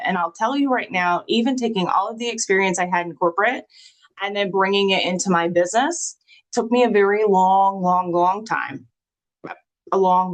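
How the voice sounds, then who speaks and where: A woman's voice: mid-range voice, rough recording. An upbeat woman leads a live marketing training and talks to her class in a casual way. She often drops into a sing-song voice to read out sample messages.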